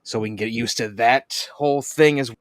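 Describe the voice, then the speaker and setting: A man hosting a podcast in casual chat, an animated storyteller who swears and laughs often. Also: medium pitch, normal speed, no room sound, clean studio sound. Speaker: podcast host.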